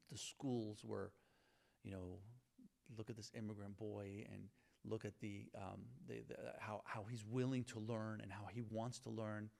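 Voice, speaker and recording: A man's voice: on the low side, creaky, darkish tone. A middle-aged man with a Southern US accent, telling stories in an earnest, grateful way during an interview, often restarting his sentences. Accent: Southern US (Virginia). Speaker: guest. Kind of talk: conversational interview storytelling.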